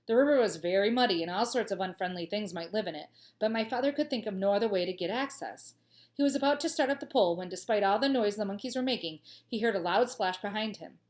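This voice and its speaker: A woman teacher reading a children's storybook aloud with clear, expressive storytelling and playful asides. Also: medium pitch.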